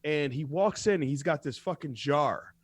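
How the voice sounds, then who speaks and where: Male co-host, slightly high voice, dry close mic, swears freely, animated storyteller. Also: moderate pace, slightly rough, dry recording. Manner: animated storytelling, laughs often. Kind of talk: profane casual chat.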